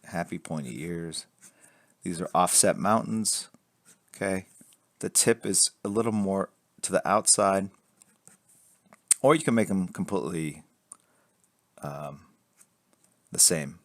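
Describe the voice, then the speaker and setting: A man's voice: deep voice, slow pace, long pauses, no room sound, studio quality. A man streaming a live drawing lesson, explaining construction lines while he sketches, joking and reading chat aloud. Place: indoors at a drawing board. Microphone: camera fixed to drawing board.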